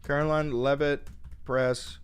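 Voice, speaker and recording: A man live-streams and reacts to his chat in a slightly high, smooth voice. He's excitable and profane, breaking into shouts and firing off repeated words in rapid strings.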